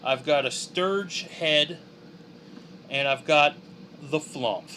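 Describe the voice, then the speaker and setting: A man's voice: a little high, takes it slowly, sharp tone, a little hiss or hum. A young man chatting casually on a drawing livestream, joking and reading chat aloud. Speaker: streaming artist.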